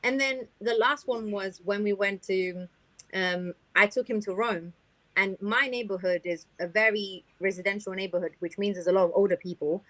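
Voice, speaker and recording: A young Italian woman, a guest singer on a casual podcast, tells stories at medium pitch and normal speed with no echo. She's animated, acting out what people said.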